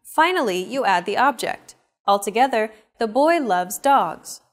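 A woman's voice: on the high side, animated, unhurried. A woman hosting a scripted language lesson, explaining each step and turning questions to the viewer in an upbeat way. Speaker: lesson host.

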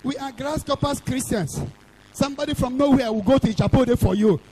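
A Nigerian man preaching a fiery revival sermon, shouting and chanting lines for the crowd to repeat. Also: extremely high pitch, brisk, slight background noise, rough recording. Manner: shouting, sing-song call-and-response preaching. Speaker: evangelist preacher.

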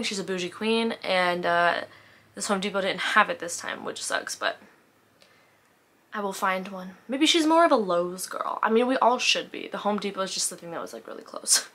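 Female vlogger, casual chatty delivery, bright forward tone, rambling and self-mocking. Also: mid-range voice. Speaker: book vlogger. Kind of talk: casual vlog chat.

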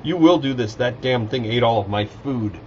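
A man's voice: medium pitch, normal speed, a little hiss or hum, lightly acted. A man voicing an impatient, blunt male warrior who talks in curt commands, in a live fantasy reading. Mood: commanding. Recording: dull lo-fi live stream audio.

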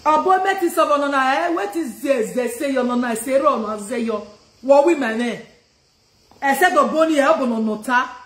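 A woman with a Nigerian accent and a high voice rants confrontationally on a live stream at normal speed, repeating her questions and switching languages mid-sentence. The heated rant has a roomy sound.

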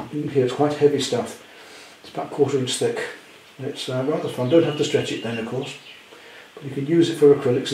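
A man demonstrating a painting at home, chatty with gentle self-deprecating humour. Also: medium pitch, roomy sound, slight background noise, rough recording. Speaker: art teacher. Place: indoor studio at home.

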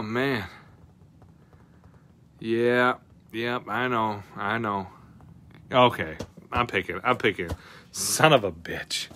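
Excitable man streaming card pack openings. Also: on the low side. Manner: excitable, swears often, reacts loudly to card pulls. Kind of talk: casual live stream chat.

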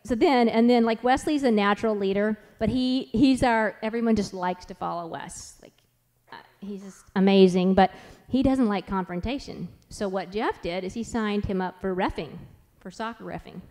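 A woman in her forties, speaking at a conference and telling family stories in a chatty, animated way, full of quick asides. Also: mid-range voice. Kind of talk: storytelling talk.

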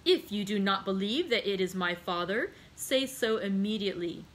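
A proud young nobleman from a storybook, demanding and clipped, as a woman reads him aloud. His delivery is sharp and insistent, at a middling pitch. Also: expressive, normal speed, close to an everyday voice. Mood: indignant.

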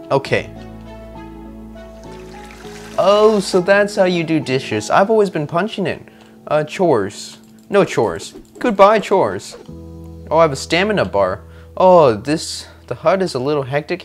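A young man talks through a video game in excitable, joking commentary, often rambling as he reacts. He speaks into a desk mic at a gaming setup, with faint game music underneath. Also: fairly high pitch, measured pace. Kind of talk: let's play commentary.

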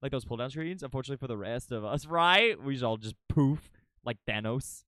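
Bright, lively young adult streamer. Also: medium pitch, brisk, dry recording. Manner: animated, excitable, swears casually, thinks aloud. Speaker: livestreamer. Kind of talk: live gameplay commentary chatting with viewers.

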